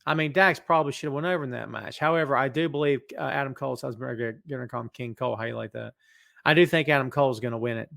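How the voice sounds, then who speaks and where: A middle-aged man hosting a live wrestling podcast from his office, reading out chat comments in an animated, hyped way. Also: medium pitch, quick pace, gravelly. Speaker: podcast host. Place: home office.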